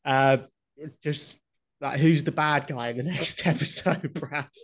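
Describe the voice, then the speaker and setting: A man's voice: on the high side, steady tone, unhurried. A man co-hosting a podcast in casual chat, blunt, swearing freely and laughing often. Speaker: podcast co-host.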